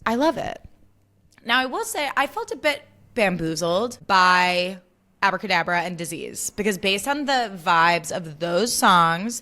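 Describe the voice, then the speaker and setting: A woman's voice: medium pitch, sharp tone. A young adult woman hosting a casual solo podcast, bubbly and chatty, peppering her talk with "like" and swearing freely. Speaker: podcast host.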